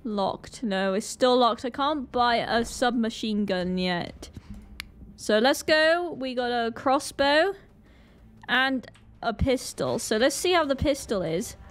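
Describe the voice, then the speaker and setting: Excitable high-voiced Northern Irish woman gamer. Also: takes it slowly. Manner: excitable, frequent panicked exclamations. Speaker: gaming channel host. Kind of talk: live gameplay commentary.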